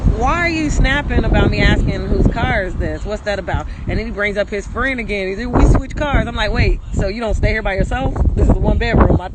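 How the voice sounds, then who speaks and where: A woman telling a candid, slangy story in a casual vlog while walking up a hill, recorded on a phone outdoors. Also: medium pitch. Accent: Caribbean American English. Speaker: vlogger. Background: street and vehicle noise.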